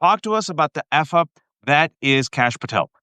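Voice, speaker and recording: A male podcast host giving emphatic, sarcastic political commentary with quick asides. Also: a little high, expressive, pushed and bright, smooth, no echo.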